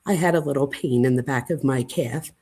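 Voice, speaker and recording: A woman hosting a casual late-night livestream chat, gushing and excitable, dramatic by her own account, and often breathless. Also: a bass voice, a little fast, slightly rough. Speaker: channel host.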